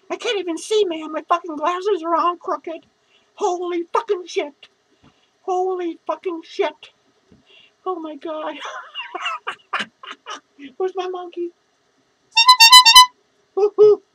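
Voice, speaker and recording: Shrill sloshed clown dude, cussing nonstop and rambling with slurred words. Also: male voice, fairly bright tone, a little hiss or hum, full character voice, rough recording. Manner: slurred, rambling, swearing constantly, giggling. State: drunk. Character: drunk, foul-mouthed lonely male clown. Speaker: comedy character performer. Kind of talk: improvised comedy monologue.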